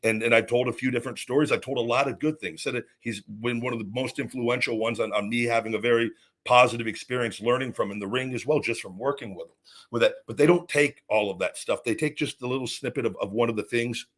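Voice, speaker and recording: A man's voice: medium pitch, fast, fairly bright tone. A man hosting his own podcast, ranting angrily and profanely with frequent restarts and repeated words. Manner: angry, profane, repetitive restarts. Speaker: podcast host. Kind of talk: ranting monologue.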